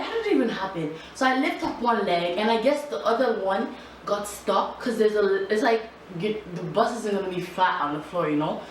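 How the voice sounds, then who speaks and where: Young woman telling a story in an echoey room. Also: mid-range voice. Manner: animated, chatty storytelling with slang and frequent laughter. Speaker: vlogger. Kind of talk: casual storytime vlog. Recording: echoey room, distant mic, faint hiss.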